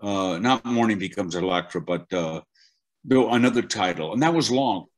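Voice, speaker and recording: Speaking at normal speed in a lowish voice, an older man answers questions in a casual interview. He teaches voice acting and tells his stories with animation, restarting often.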